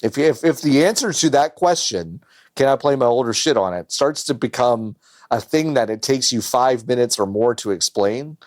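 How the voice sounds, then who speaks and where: On a podcast he co-hosts, a man chats casually in an animated way, cursing freely and doing voices. He speaks in a mid-range voice at a moderate pace, and the recording is dry with clean studio sound.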